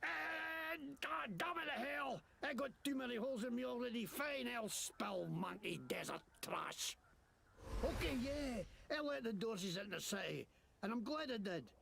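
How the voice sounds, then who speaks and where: A gravelly, foul-mouthed thug in a video game, whining and blustering in a put-on Scottish accent. His voice sits high and swings wildly up and down. Faint ambience hums behind him. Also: lively intonation, noisy background, heavily acted. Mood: bitter. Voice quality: gravelly, coarse and cursing. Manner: whiny, self-pitying, quick to bluster. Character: crude bitter male thug faking a Scottish accent.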